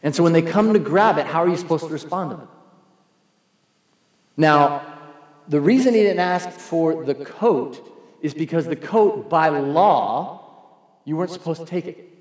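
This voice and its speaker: A man preaching a sermon as a pastor, animated and acting out the voices he quotes. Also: a little high, moderate pace, pauses often. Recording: echoey hall, long reverb.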